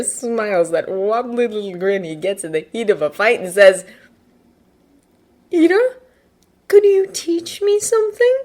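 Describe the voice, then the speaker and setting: A woman narrating a fanfiction audiobook with an expressive, lively reading. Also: lowish voice. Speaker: fanfiction reader.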